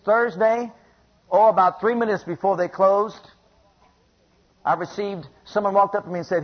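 A man's voice: high-pitched, breathy edge. A man preaching a sermon in an emphatic, repetitive way, often asking the congregation questions, on a dull lo-fi recording.

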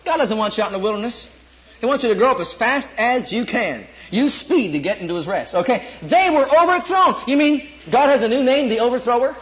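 A man preaching a sermon and reading scripture, stressing and repeating key words and dropping into quieter asides. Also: expressive, fast talker, dull audio. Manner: emphatic, repeats words, swings from low asides to loud stressed lines.

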